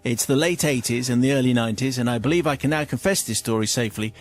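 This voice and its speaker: A man's voice: mid-range voice, quick pace. English man reading letters on radio. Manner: playful storytelling with asides. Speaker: radio host reading listener confessions.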